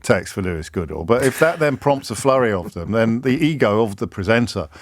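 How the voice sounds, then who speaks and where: A man with a British accent and a slightly husky voice, hosting a radio show with wry, self-mocking banter. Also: fairly low pitch, animated, fairly quick, slight background noise. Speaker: radio phone-in host. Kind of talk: casual radio chat.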